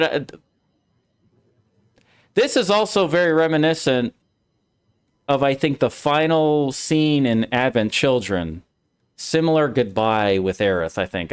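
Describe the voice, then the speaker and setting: A man hosting a casual game discussion, explaining the story in an animated way and acting out the characters. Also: fairly high pitch, clear, resonant tone. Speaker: streamer and host.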